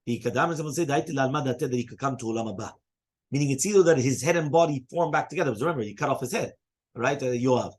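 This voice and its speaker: A man teaching a casual Talmud class, quickly explaining each passage and reading out Hebrew and Aramaic quotes. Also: medium pitch, darkish tone.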